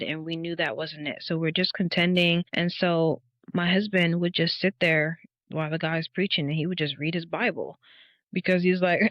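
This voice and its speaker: A woman in her thirties, a podcast guest, telling her faith testimony as a lively story, acting out the dialogue and laughing often. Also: on the low side, dry recording. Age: 30s. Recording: dull, dry podcast audio.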